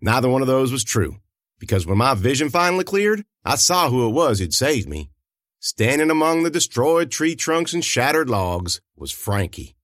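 A man's voice: mid-range voice, sing-song, moderate pace, a bit bright, no room sound, studio quality. A man narrating a first-person fiction story in a folksy, rural storytelling manner.

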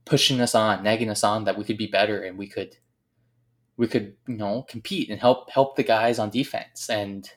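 A man telling a heartfelt personal story about a late teammate, earnest and reflective, often pausing and searching for words. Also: on the low side. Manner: earnest, reflective, halting with frequent pauses. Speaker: speaker remembering a late teammate.

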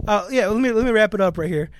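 A young man co-hosting a podcast, telling a story in a casual, animated way with jokey asides. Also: high-pitched, quick pace. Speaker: podcast co-host. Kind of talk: casual chat.

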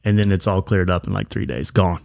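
A man's voice: low voice, a little fast, gravelly, a little mellow, no room sound, studio quality. A man co-hosting a podcast, telling a crude story in a blunt, casual way. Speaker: podcast co-host. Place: bar.

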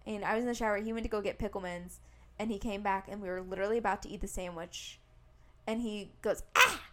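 A woman's voice: mid-range voice, quick pace. A young woman co-hosting a podcast, telling a story in casual chat, acting out quotes and saying "like" a lot. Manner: animated storytelling, acts out quotes, many "like"s. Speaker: podcast co-host.

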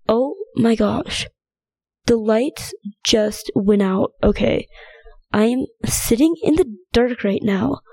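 A young woman talks through a casual solo podcast episode, wandering from thought to thought with lots of fillers. Her voice sits a bit high, and the sound is dry and close, with almost no room around it. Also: mellow, no room sound. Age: young adult. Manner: rambling, chatty, lots of fillers. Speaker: podcast host.

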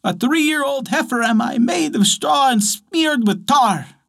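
A man voicing a talking straw ox that calls itself a young heifer, answering slowly in a sing-song way. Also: very high voice, lively intonation, creaky, a bit bright, voice pushed up, exaggerated voice. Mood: calm.

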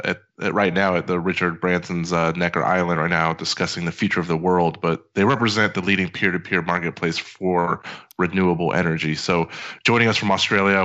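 A man's voice: low voice, fairly bright tone. A man co-hosting a casual podcast, introducing guests in a loose, rambling way with lots of fillers. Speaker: podcast co-host. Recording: dull lo-fi audio.

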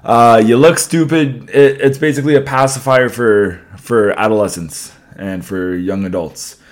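A man's voice: medium pitch, moderate pace. A young man, hosting a podcast and telling a casual story, laughing often, swearing, and asking "right?" a lot. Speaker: podcast host.

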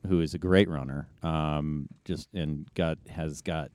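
A man's voice: very deep voice, fairly even intonation, unhurried, a little mellow, no echo. A middle-aged man telling long anecdotes in a casual interview, rambling with many fillers and restarts. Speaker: guest ultrarunner.

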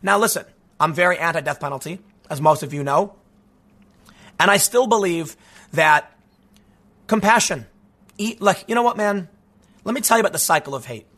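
A man giving a casual, animated commentary monologue, tossing in "dude" and "man" as he talks. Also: sits high. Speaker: political commentator.

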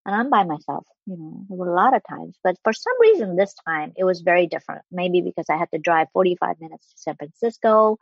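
A woman with a husky, slightly breathy voice shares a personal story in an earnest, heartfelt way, stopping and restarting now and then. The sound is dry and close, on a dull, lo-fi recording. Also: on the low side, lively intonation, fast talker, few pauses, dry recording. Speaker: interview guest. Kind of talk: candid personal storytelling in conversation.

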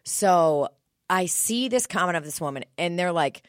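A young woman in casual chat on a podcast, telling an animated story and swearing freely. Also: on the low side, normal speed, dry recording, studio quality.

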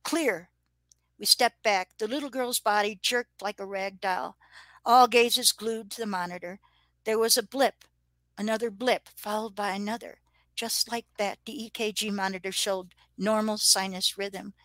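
A woman's voice: mid-range voice, steady tone, normal speed, a bit bright, dry recording, low-quality recording. Older woman reading a dramatic true story. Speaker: nurse telling her own stories. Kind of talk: reading her own true story aloud.

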